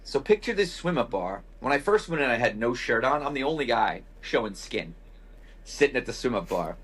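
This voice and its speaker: A male podcast host with a husky voice at an ordinary middle pitch spins a rambling travel anecdote. He keeps it loose and wry, drops in mild profanity, and acts out quoted remarks as he goes. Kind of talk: casual storytelling.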